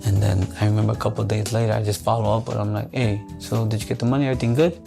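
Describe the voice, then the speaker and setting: A man's voice: on the low side, level tone, rapid-fire, creaky. A man recounting his past in a podcast interview, profanely acting out old phone calls. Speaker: interviewee telling his story. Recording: podcast clip with music underneath.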